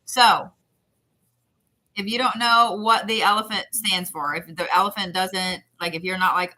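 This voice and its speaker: A woman's voice: medium pitch, steady tone, measured pace, sharp tone, rough recording. A woman giving intuitive readings to viewers on a live stream, talking in a rambling, repetitive, chatty way. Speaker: psychic reader.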